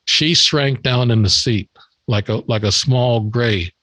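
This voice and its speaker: A man's voice: medium pitch, takes it slowly, a bit bright, no room sound, low-quality recording. An older man, a podcast guest, telling a long story in a rambling way, repeating words and acting out the dialogue. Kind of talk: storytelling in an interview.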